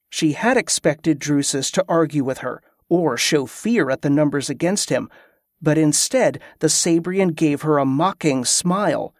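A man narrating a fantasy audiobook in a steady, even reading. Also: fairly high pitch, measured pace, dry recording, clean studio sound.

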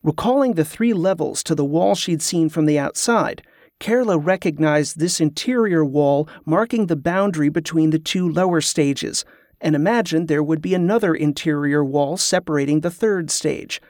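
A male audiobook narrator telling a fantasy story with a steady, even delivery. His voice sits a little above average in pitch, and the recording is close and dry with no room sound. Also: normal speed, dry recording.

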